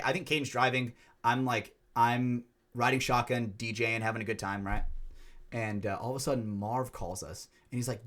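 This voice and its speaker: A young man co-hosting a casual podcast, telling stories in an animated, profane way. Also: medium pitch. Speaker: podcast co-host.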